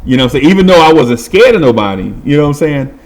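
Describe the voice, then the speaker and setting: Animated man telling a street story. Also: a little high, fast. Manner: animated, voices other people and makes sound effects. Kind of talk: casual storytelling.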